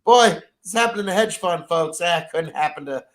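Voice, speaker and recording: A man's voice: sits high, a bit bright. A man co-hosting a casual podcast, joking sarcastically and often stumbling over his words. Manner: sarcastic, joking, halting restarts. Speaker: podcast co-host. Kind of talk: casual political podcast chat.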